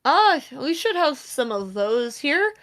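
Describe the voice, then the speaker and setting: A woman's voice: high voice, sing-song, slow, fairly bright tone, pitched above the performer's own voice, heavily acted. A woman voicing a heavyset, long-bearded man in his fifties who runs a shop and has a biker air, in a put-on accent. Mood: helpful. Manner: casual, gruff shopkeeper voice in an accent she calls wrong. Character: middle-aged burly bearded male shopkeeper, gruff biker type.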